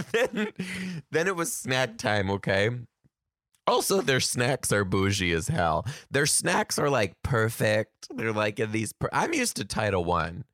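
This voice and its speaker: A young man rants through a casual monologue, his voice swinging widely in pitch as he exclaims and laughs between lines. He sounds like a teacher telling stories to viewers. The recording is close and dry, with no room sound around him. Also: no room sound. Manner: animated, exclamatory, ranting; laughs often while talking.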